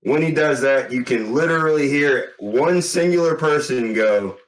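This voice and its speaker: A man's voice: medium pitch, moderate pace, hardly any pauses. A man co-hosting a wrestling podcast, blunt and laughing as he chats. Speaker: podcast co-host. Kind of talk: casual chat. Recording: roomy, off-mic.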